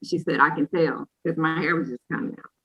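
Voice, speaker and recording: A woman, co-hosting a casual chat and telling a lively personal story, acting out what people said. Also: low-pitched, brisk, husky, lo-fi sound. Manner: lively storyteller who acts out quotes. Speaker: co-host sharing a personal story.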